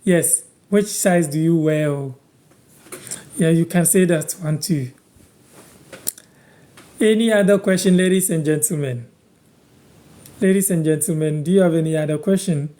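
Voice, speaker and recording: A man from Ghana teaching words on a live stream, patiently repeating each phrase slowly for viewers. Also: a little high, warm tone. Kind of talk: live-stream language lesson, answering viewers.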